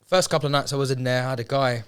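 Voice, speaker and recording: A man speaking as an interview guest, telling a hard personal story in a candid, unpolished way. He swears freely, restarts his sentences and slips into the voices of people he quotes. His pitch sits in the middle for a man. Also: steady tone, very fast, clear, resonant tone.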